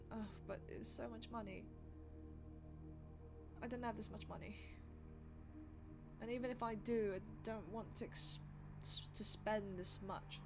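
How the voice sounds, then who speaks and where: A young woman streaming live, chatting casually in a rambling, self-deprecating way. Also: medium pitch.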